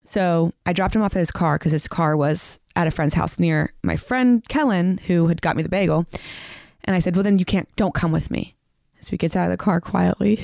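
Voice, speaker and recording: A woman's voice: fairly low pitch, normal speed, vocal fry, a little mellow, no room sound, studio quality. A woman telling a personal story in a candid, self-mocking way on a podcast.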